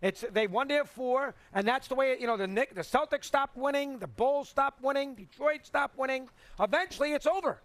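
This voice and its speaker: A man's voice: very high voice, moderate pace, few pauses, fairly bright tone, no echo. A man giving blunt sports analysis, repeating his point for emphasis. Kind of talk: sports talk opinion.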